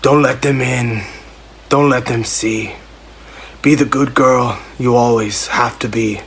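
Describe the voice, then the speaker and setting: A man doing an impression of a brooding young northern swordsman, reading song lyrics in a slow, solemn voice. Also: mid-range voice, fairly even intonation, a little hiss or hum.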